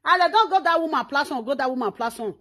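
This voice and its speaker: A woman's voice: high voice, expressive, fast talker, a bit bright. A Nigerian woman hosting her own talk show, delivering a scolding, insulting rant. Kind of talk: social media rant.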